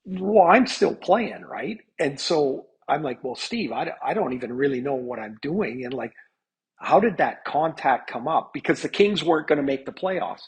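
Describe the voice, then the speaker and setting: A man's voice: a little high, lively intonation, moderate pace, husky, rough recording. A man in his fifties, a hockey analyst, telling stories in a chatty podcast interview, with many restarts.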